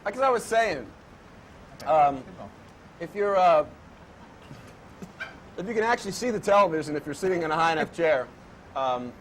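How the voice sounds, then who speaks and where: A man with a fairly high voice chats on a talk show panel, telling stories with animated exasperation. A faint hiss of noise runs under his voice. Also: normal speed, pauses often. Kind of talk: casual panel chat.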